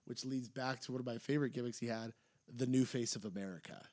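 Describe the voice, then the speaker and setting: An excitable young man co-hosting a casual podcast chat. His voice sits in an ordinary middle register and leaps up whenever he retells something funny. He talks in loose, chatty bursts. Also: quick pace. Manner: excitable, jumps high when retelling funny moments. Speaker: podcast co-host.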